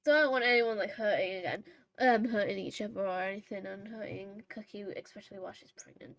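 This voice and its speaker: A woman's voice: medium pitch, a little fast, creaky, no echo, low-quality recording. A woman vlogging casually over horse role-play gameplay, rambling and chatty with many fillers and self-corrections. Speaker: gaming vlogger.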